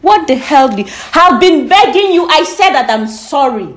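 A woman's voice: sits high, expressive, normal speed, reverberant. A woman arguing heatedly, angry and raising her voice. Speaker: girlfriend being tested. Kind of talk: heated argument.

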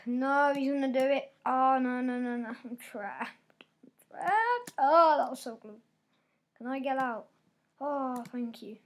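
Woman gamer, high voice, unhurried delivery, excitable play-by-play with loud outbursts and quiet mutters. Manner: excitable, reacting aloud with frequent exclamations. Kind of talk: live gameplay commentary.

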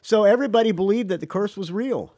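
A man's voice: high voice, fast, mellow, dry recording. A man hosting a podcast who chats casually with his guest and laughs often. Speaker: podcast host. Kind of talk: casual interview chat.

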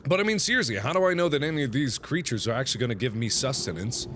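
A let's-play host with a higher, sing-song voice narrates his own gameplay fast with hardly a pause, jumpy and nervous, letting out panicky exclamations and anxious laughs. Game music and background noise run behind him.

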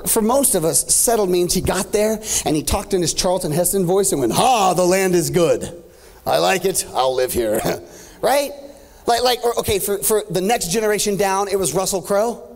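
A man's voice: high-pitched, a little fast, a little mellow. A man in his thirties preaching a sermon as pastor, swinging from joking asides to rising, half-sung climaxes. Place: church stage.

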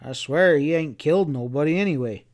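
A stubborn cowboy who shields his friend, as a man reading aloud plays him protests and pleads in plain folksy words. The voice runs a little high. It belongs in a storybook western. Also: a little fast, a little mellow, lightly acted. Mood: protesting.

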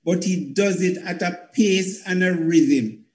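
An older Jamaican man, a theatre producer, makes his case on a panel with earnest repetition. His voice sits high for a man. The recording carries a roomy echo. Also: slow, a little mellow. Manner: earnest, explanatory, repeats points for emphasis. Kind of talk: panel discussion.

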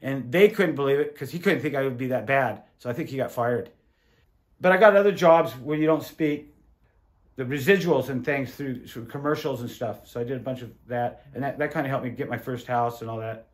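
A middle-aged man and former windsurfer telling stories casually in an interview, animated and acting out quoted voices. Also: medium pitch, a little fast. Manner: animated, swearing, acts out quotes.

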